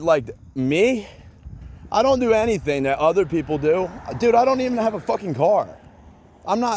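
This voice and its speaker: A man's voice: a little high, a little mellow. A man in a rambling solo rant, agitated and profane, repeating himself with many fillers and bits of sarcasm.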